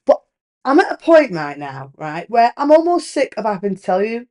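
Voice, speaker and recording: A woman's voice: fairly high pitch, moderate pace. A woman in her thirties, hosting a podcast, tells a candid, emphatic story and swears casually. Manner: animated storytelling with lively rises. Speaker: podcast host. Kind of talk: candid relationship podcast monologue.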